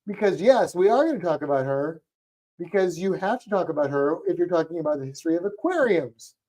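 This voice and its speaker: A chatty man co-hosting a casual livestream, talking in a mellow, relaxed tone. He rambles playfully from one aside to the next and stumbles over tricky names. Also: on the high side, a little fast. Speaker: podcast co-host.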